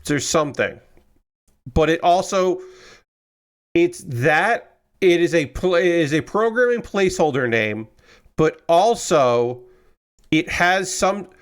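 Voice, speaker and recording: A man's voice: fairly high pitch, expressive, takes it slowly, pauses often, clear, resonant tone. Chatty man rambling on a live stream. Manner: rambling, many fillers and restarts. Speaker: streamer building a model kit. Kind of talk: casual live-stream chat. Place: home room at a work table.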